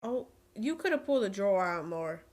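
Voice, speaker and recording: A woman giving casual, excitable commentary while reacting to a film, often exclaiming. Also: medium pitch, a little fast, noisy background. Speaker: movie reaction creator.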